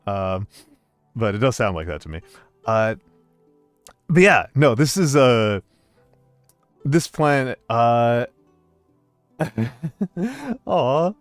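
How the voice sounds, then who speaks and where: A man with a mid-range, expressive voice chats with his viewers while streaming a game, speaking slowly with long pauses and lots of ums, uhs, and restarts. He greets chat warmly in a hesitant, filler-heavy way. The recording is clean and dry, with soft music in the background.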